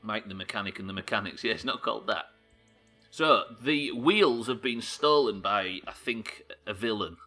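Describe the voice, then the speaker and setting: Guy streaming a game, swears a lot, voice jumps all over, bright edge to it, a bit of game music under him. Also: fairly low pitch, animated, moderate pace. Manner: sweary, joking, thinking aloud. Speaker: live streamer. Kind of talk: casual gameplay commentary.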